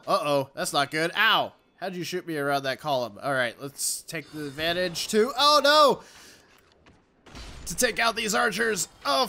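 High, lively swearing gamer guy. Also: a little hiss or hum. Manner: profane, jokey, loud reactive outbursts. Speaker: let's play gamer. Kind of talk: gameplay commentary.

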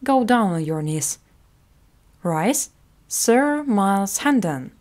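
A woman voicing a proud young boy prince, speaking slowly and commandingly. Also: mid-range voice, very animated, a little mellow.

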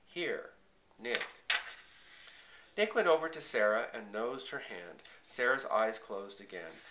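A man reading a first-person children's story aloud, in a quiet, measured and earnest way. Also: on the low side, sing-song, reverberant, a little hiss or hum. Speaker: audiobook reader.

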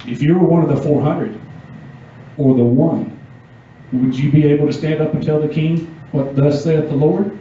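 A man's voice: mid-range voice, warm tone, slight background noise. Man preaching in an echoey church room. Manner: casual, asks the audience questions. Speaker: youth pastor. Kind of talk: youth sermon with scripture reading. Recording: echoey dull room sound from far off.

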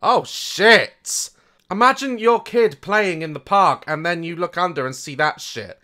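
A young man giving reaction commentary on a video, mocking it, swearing, laughing often and swinging between loud outbursts and muttered asides. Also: high-pitched, lively intonation, measured pace. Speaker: YouTuber reacting to a music video.

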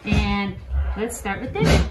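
A woman host talking casually to viewers while trimming her dogs' nails, coaxing them with soft praise. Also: medium pitch, big pitch swings, a little slow, loud music behind the voice, low-quality recording. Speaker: alpaca farmer and channel host. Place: indoors with the dogs on a farm.

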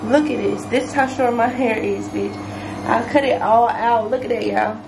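A woman's voice: on the high side, steady tone, moderate pace. A young woman vlogging to camera at home, venting frankly with heavy swearing. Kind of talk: casual vlog rant to camera. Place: indoors at home. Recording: echoey room with clear background noise.

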